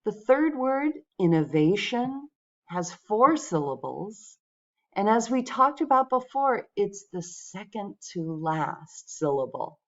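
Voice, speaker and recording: A woman teaching English pronunciation, speaking patiently and clearly to her viewers. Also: mid-range voice, very animated, slow pace, dull audio. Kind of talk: pronunciation lesson.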